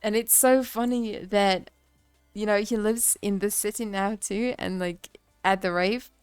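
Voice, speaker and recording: Young woman, smooth clear voice, dry close sound, casual rambling stream chat, soft music underneath. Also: mid-range voice, steady tone, measured pace, no room sound. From Kazakhstan. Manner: rambling, heavy on fillers like "like" and "you know". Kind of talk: casual storytelling on a livestream.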